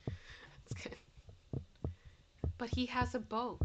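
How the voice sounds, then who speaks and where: A woman's voice: high-pitched, a little slow, pauses often, pushed and bright, slight background noise. A woman with a Canadian accent hosting a livestream, casually chatting, giggling and reading viewer comments aloud. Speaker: livestream host. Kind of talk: casual live-chat reading.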